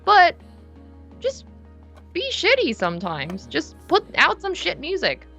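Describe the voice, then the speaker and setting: A young woman from South Korea, chatting casually in an interview, relaxed and rambling with many fillers and restarts. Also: extremely high pitch, takes it slowly, creaky, faint music behind. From Seoul, South Korea. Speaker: musician guest. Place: her bedroom studio.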